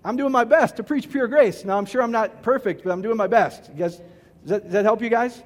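A man's voice: sits high, fairly quick. A middle-aged male pastor giving a rambling, joking sermon, often asking the crowd if it makes sense. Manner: rambling, self-mocking, often asks the crowd. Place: church hall. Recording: hall reverb.

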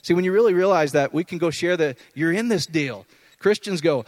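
A man's voice: fairly high pitch, brisk, no echo. A man preaching an informal, conversational sermon, often checking in with his listeners. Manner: conversational, animated, often asks "does that make sense".

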